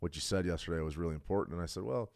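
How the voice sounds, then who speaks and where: Deep-voiced blunt trading host. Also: male voice, racing, creaky, no room sound, studio quality. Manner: blunt, emphatic, builds to excited outbursts. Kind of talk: casual livestream talk.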